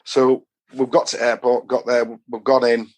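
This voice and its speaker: A man's voice: medium pitch, completely flat delivery, normal speed. A man with a Yorkshire accent, a podcast guest telling rambling, chatty stories about football away trips. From England. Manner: rambling storyteller, chatty and broad. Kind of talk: casual anecdotal chat.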